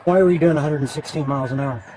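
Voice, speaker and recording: A man's voice: on the high side, very fast. A male police officer at a roadside stop, firmly giving short, repeated commands. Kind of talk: real bodycam exchange. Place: roadside traffic stop at night. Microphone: bodycam on his chest. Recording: noisy roadside bodycam audio.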